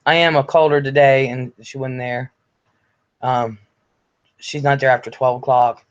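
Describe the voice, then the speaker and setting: An older man chats casually on a home livestream, reading out viewer comments in a blunt, chatty way with the odd curse. His voice sits at an ordinary pitch and sounds a little congested. The audio is slightly dull and lo-fi. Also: little pitch movement, normal speed, clean tone. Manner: chatty, blunt, swears freely. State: recovering from illness, congested. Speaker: livestream host.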